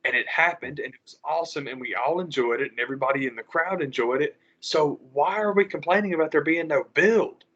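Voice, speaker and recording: A man's voice: fairly high pitch, a little fast, few pauses. Ranting podcast guy, lo-fi. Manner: animated, profane ranting with mocking quoted voices. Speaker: podcast co-host. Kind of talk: casual podcast chat. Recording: slightly dull lo-fi audio.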